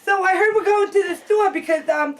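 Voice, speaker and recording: A woman playing a gushing, giggly young woman, very high. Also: a little fast, far from the mic. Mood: rambling. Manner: gushing, breathless, giggly, rambling. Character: eager, excitable young woman with glasses. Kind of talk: improvised comedy sketch.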